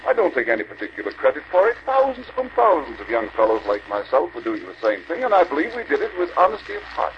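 A man's voice: medium pitch, wildly swooping pitch, fast, creaky, few pauses. An older man giving an earnest sermon to a convention, exhorting the brethren with rhetorical questions. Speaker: preacher. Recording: dull archival recording with faint hiss.

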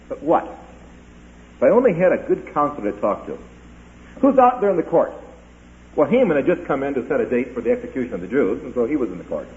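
A man delivers a sermon, telling the story with lively rises and falls in his voice and slipping into the characters' lines. The sound is thin and phone-like, as if played through a narrow, tinny line. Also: mid-range voice, brisk. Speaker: preacher.

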